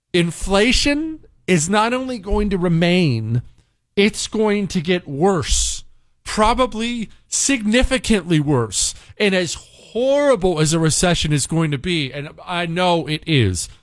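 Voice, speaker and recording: A man's voice: a little high, no echo, clean studio sound. A male host giving an urgent, exasperated political commentary monologue, hammering key phrases by repeating them.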